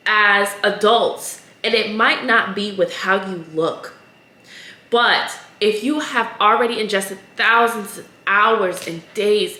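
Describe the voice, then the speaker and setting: Bright-voiced earnest woman podcaster. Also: mid-range voice, echoey room. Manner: earnest, emotional storytelling. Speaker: podcast host. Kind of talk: casual solo podcast talk.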